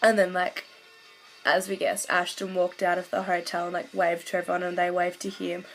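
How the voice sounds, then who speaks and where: A woman recounts a story in a casual vlog, her voice pitched a little low with plenty of gravelly fry. She runs on in a gushing stream full of "like" fillers, and faint music sits quietly underneath. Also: monotone, moderate pace, rough recording. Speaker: vlogger.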